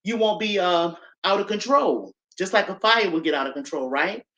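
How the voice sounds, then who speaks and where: A woman's voice: on the low side, animated, normal speed, fairly bright tone, dull audio. A woman hosting a casual live stream, talking straight to her viewers in a chatty way, a bit out of breath. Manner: chatty, addresses viewers directly.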